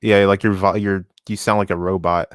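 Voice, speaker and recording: A man co-hosting a relaxed discussion stream, pausing often to find his words. His low voice stays level and even. It sounds smooth and close, with no room sound. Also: no echo. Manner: halting, searching for words mid-sentence. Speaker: co-host reading the series.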